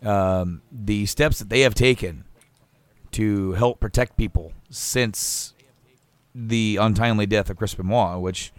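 A man's voice: fairly low pitch, takes it slowly, no room sound. A man co-hosting a casual podcast chat, rambling with restarts, laughing often and swearing casually. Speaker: podcast co-host.

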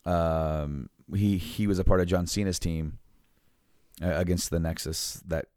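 A man in a casual chat who tells long stories in a halting, rambling way with many fillers. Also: deep voice, steady tone, darkish tone, dry recording, studio quality.

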